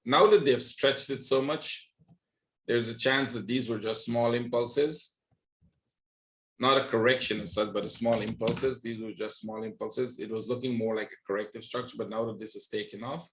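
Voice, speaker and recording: A man's voice: medium pitch, normal speed, a bit bright. A man hosting a trading webinar, walking through charts on screen and checking in with listeners with frequent "right?". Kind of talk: live screen-share market analysis.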